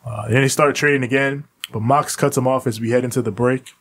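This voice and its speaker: Speaking fairly quickly in a steady, mid-range voice with a bit of brightness, this wrestling podcast co-host casually recaps a show, voicing the wrestlers' lines and laughing often.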